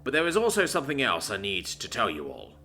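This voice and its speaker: A man voicing a serious male alien captain who speaks formally and calmly. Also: medium pitch, soft background music, pitched above the performer's own voice, full character voice. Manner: formal, measured, composed.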